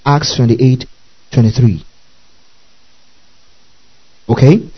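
A man's voice: medium pitch, very slow, slightly rough, dull audio. A man preaching a Bible-study sermon, repeating key words, spelling out Greek terms and often checking in with his listeners.

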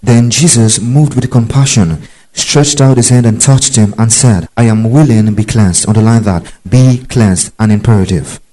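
A man's voice: medium pitch, moderate pace, mellow, poor audio. A man preaching a Bible teaching, emphatic and repetitive, checking in with his listeners. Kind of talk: sermon-style Bible teaching.

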